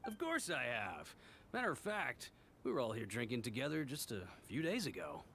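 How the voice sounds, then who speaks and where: An actor playing a sly, mocking male tavern schemer in a game, smooth and taunting. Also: mid-range voice, huge pitch swings, normal speed, bright, forceful tone, slight background noise, exaggerated voice. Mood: friendly. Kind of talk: game voice acting.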